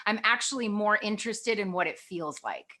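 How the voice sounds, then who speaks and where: A middle-aged woman, a guest actress, talking candidly in a lively, expressive way and laughing often. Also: medium pitch, moderate pace. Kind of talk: candid conversation.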